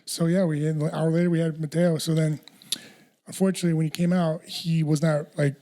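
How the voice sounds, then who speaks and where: A man's voice: a little high, little pitch movement, fairly quick, warm tone. A man hosting a casual podcast chat, telling a rambling story with lots of restarts and casual swearing. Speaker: podcast host.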